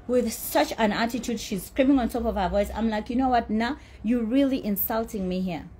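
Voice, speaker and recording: A woman with a slightly high, husky voice tells her story as a heated rant. She is blunt and indignant and swears freely. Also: a little fast, hardly any pauses, dark tone. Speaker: socialite telling her side.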